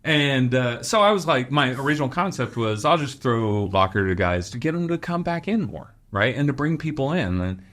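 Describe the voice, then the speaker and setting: A man from Los Angeles, a clothing store owner guesting on a podcast, telling rambling, animated anecdotes with frequent laughs. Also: medium pitch, moderate pace, few pauses. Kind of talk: casual storytelling interview.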